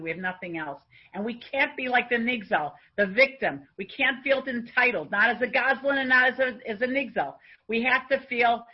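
A woman giving a religious talk, telling a story in an earnest, unhurried way and then fervently urging her listeners. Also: a little high, breathy edge. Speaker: religious teacher. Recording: dull lo-fi recording.

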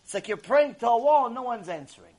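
A man teaching a Torah class to a live audience, telling stories in an animated way and using many Hebrew terms. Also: very high-pitched, fast talker, slight background noise.

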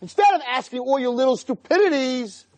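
A man voicing God as a heavenly father who is pained and pleading with his children, in high, shouted lines. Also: lively intonation, a little fast, no echo.

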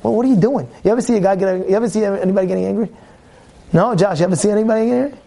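A man's voice: sits high, racing, vocal fry, warm tone. A man teaching a weekly Torah-portion class. He talks emphatically, repeats his phrases and keeps firing questions at his listeners.

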